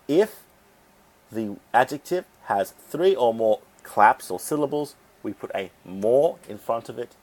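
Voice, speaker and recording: A man with a low-ish, darkish-toned voice teaches an English grammar lesson, explaining the rules step by step and deliberately sounding out syllables.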